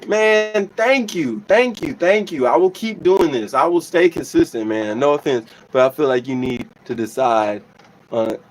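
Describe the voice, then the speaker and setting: Young male musician hosting a casual stream, slightly high-pitched, earnest and thankful, reads chat aloud. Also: animated, measured pace, poor audio. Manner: reads chat aloud, grateful and emotional, many restarts. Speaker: livestream host and musician.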